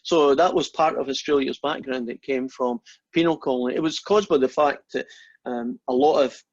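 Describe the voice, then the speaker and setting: A man's voice: mid-range voice, steady tone, moderate pace. A man who teaches math and gives a chatty, joking lecture over a video call, with many fillers and restarts. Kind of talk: casual online lecture. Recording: dull lo-fi online call audio.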